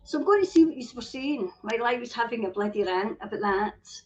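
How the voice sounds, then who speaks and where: A Scottish woman with a slightly high voice hosts her own live chat show. She rants and swears as she reads out viewer comments. The audio is dull and lo-fi, like a home stream. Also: animated. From Scotland. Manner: ranting and sweary, quick to flare up. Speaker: livestream show host. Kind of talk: casual livestream chat reading viewer comments.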